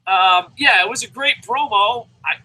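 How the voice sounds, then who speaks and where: A man's voice: sits high, moderate pace, pushed and bright, poor audio. A man reviewing a wrestling show, ranting heatedly, swearing constantly and mocking in his commentary. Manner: mocking, acts out impressions.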